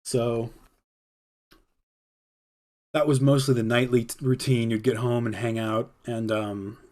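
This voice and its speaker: A man's voice: mid-range voice, little pitch movement, slow pace, a little mellow. Laid-back young man telling stories. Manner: rambling and laid-back, full of "like" fillers. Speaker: podcast host. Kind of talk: casual storytelling on a livestream podcast.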